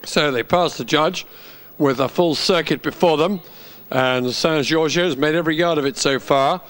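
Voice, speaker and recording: A man giving horse racing commentary, calling the runners steadily and rising with excitement at the finish. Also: fairly high pitch, normal speed. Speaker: racecourse commentator.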